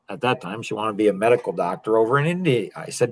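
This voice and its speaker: A man's voice: fairly low pitch, fast talker, creaky, no echo, low-quality recording. A middle-aged man hosting a talk, telling a story to a group and driving his points home by repeating them. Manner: emphatic, repeats key phrases. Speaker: host.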